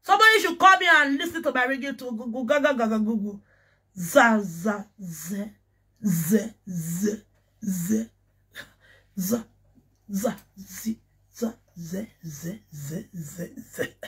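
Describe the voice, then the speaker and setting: A woman from Nigeria with a Nigerian Pidgin accent, ranting excitedly on a casual livestream and breaking into chanted syllables and laughter. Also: mid-range voice, takes it slowly, pauses often, husky. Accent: Nigerian Pidgin English. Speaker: social media personality.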